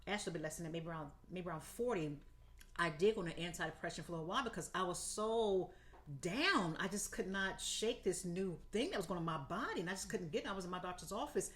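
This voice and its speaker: A woman's voice: lively intonation, quick pace, fairly bright tone. Candid, encouraging woman podcast co-host. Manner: candid, encouraging, laughs often; swoops up into high pitch in quoted asides and laughs. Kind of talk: casual health chat.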